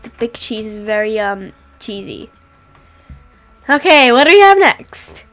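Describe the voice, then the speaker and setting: High, excitable woman playing a game. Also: unhurried, soft background music. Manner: excitable, cries out and exclaims. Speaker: gameplay commentator. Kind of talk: casual game commentary.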